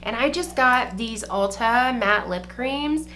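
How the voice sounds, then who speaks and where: Young woman, beauty vlogger, casual makeup chat, bright voice, swears freely, lots of "like". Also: fairly high pitch, expressive, takes it slowly, a little hiss or hum. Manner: chatty and profane, heavy use of "like".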